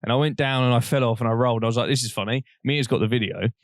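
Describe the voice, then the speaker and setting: A young man, co-hosting a podcast and telling rambling, animated stories while laughing often. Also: mid-range voice, very fast, no room sound, studio quality. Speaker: podcast co-host. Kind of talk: casual storytelling chat.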